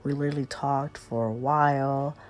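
A woman's voice: a bass voice, steady tone, moderate pace. A woman chatting casually and confidingly to her viewers, telling a personal storytime confession. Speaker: storyteller vlogger.

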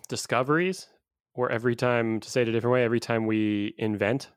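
A man's voice: mid-range voice, steady tone, fast, smooth, no room sound, studio quality. Musing man co-hosting a podcast. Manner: musing, laughs often. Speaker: podcast co-host. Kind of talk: casual chat.

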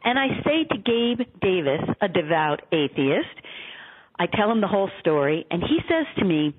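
A woman guest on a radio interview tells her stories in an earnest, animated way. Her voice is husky, and it comes through a tinny phone line. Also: medium pitch, fairly quick. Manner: earnest, animated storytelling with quoted dialogue.

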